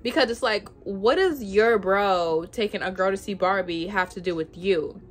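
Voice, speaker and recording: A woman's voice: mid-range voice, normal speed. Chatty young woman telling a story. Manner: chatty, animated, says "like" a lot. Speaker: vlogger. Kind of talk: casual storytime chat.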